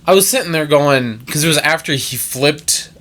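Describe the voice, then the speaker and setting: Bright-voiced man podcast co-host. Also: a little high. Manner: enthusiastic, quick agreeing interjections. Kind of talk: casual chat.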